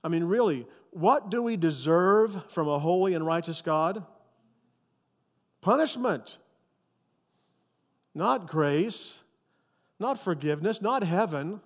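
A male pastor preaching a sermon with animated, emphatic storytelling. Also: high voice, a little slow, big-room sound.

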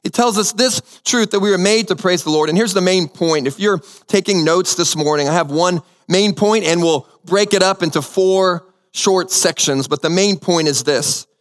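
A man's voice: high voice, moderate pace, hardly any pauses, in a large hall. A man preaching a sermon as pastor, telling a story and repeating key phrases for emphasis. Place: church sanctuary.

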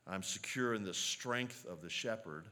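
A man preaching a sermon as a pastor, earnest and measured, slowing down to stress quoted lines. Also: fairly low pitch, pushed and bright.

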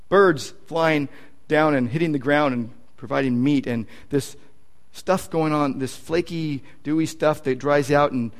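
High-voiced man preaching a sermon. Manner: conversational, emphatic preaching with asides. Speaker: pastor.

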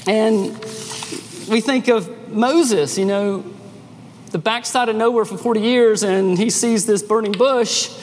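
A man preaching a sermon as pastor, emphatic and animated, restarting his phrases as he builds each point. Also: sits high, slow, a little hiss or hum. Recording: long echo of a hall, faint ambience.

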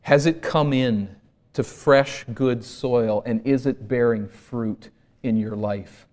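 A male pastor preaching a sermon in an earnest voice, rising to emphatic peaks and sinking to hushed low points. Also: takes it slowly.

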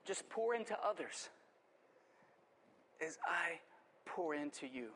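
A gentle master played by a man speaks low and quiet, kind toward a broken vessel. His voice is tender and unhurried. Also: lively intonation, a little hiss or hum, exaggerated voice.

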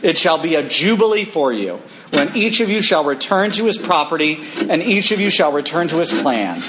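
Higher-voiced man preaching a sermon. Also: moderate pace, background noise. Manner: casual, animated asides between scripture readings.

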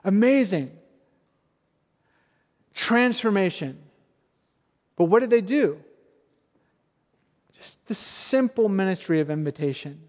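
A man with a high, light voice preaches a sermon in a relaxed, storytelling way, as if chatting with the congregation. His words ring out with a long reverb from a large hall. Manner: storytelling, conversational and earnest. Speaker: pastor.

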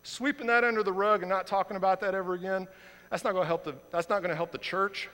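Male pastor, 30s, high bright voice, fiery sermon delivery, big church hall echo. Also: fairly even intonation, fast, clean tone. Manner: impassioned, swings from quiet to loud outrage. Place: church sanctuary. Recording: long reverb of a large hall.

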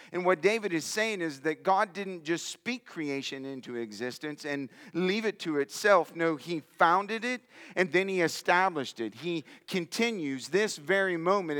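A man preaches from the pulpit with emphatic conviction, reading scripture aloud and pressing each point home. His voice sits a little high for a man. The sound carries the long reverb of a church sanctuary. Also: a bit bright. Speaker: pastor. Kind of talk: sermon.

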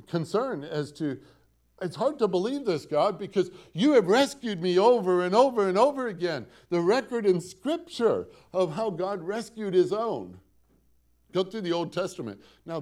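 A man's voice: high-pitched, darkish tone. A man preaching a sermon as pastor, quoting scripture dramatically, with repetition and rhetorical questions to the congregation. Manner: dramatic, quotes scripture with rising emphasis and repetition.

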